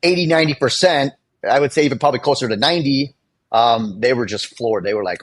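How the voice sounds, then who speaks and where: A man's voice: mid-range voice, lively intonation, quick pace, husky. A man, a guest on a video-call show, telling shop stories in casual talk and acting out the people he quotes. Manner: storyteller who acts out quoted people. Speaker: guest, dent repair technician.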